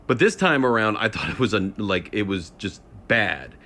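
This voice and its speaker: A man's voice: on the low side, very animated, normal speed, sharp tone. A man giving a casual spoken rant, rambling and hesitant with many fillers. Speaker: vlogger.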